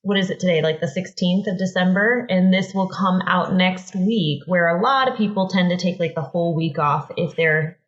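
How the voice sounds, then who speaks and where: A woman's voice: fairly low pitch, moderate pace, few pauses, highs cut off. A woman, a marriage therapist co-hosting a podcast, chatting in a light, supportive way. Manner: light, supportive, with short interjections. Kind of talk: casual conversational chat.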